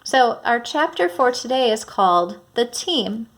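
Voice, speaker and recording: A woman teacher reading a children's chapter book aloud and explaining predictions and punctuation in a clear, instructive way. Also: fairly high pitch, expressive, a little slow.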